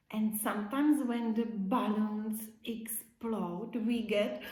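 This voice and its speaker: Woman teacher, children's English lesson, slow and deliberate, repeats words, roomy echo. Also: on the high side, darkish tone.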